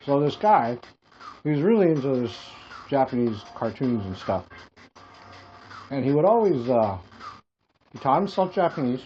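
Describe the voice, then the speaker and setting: A man from Hawaii rambles through comic stories on a casual podcast and laughs at his own jokes. His voice sits at a middling pitch. The recording is dull and lo-fi, with faint music underneath. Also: very animated, normal speed, long pauses, warm tone. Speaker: podcast co-host. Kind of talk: casual comedic chat.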